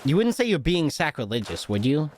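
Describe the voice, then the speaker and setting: Animated, laughing young male streamer. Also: on the high side, brisk, slight background noise. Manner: joking, rambling, swears often, laughs a lot. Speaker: live streamer. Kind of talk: casual live-stream chat.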